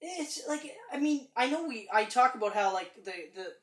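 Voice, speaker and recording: A woman co-hosting a podcast, reviewing a film in casual chat, animated and emphatic, acting out lines and swearing freely. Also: fairly high pitch, normal speed. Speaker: podcast co-host. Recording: roomy echo.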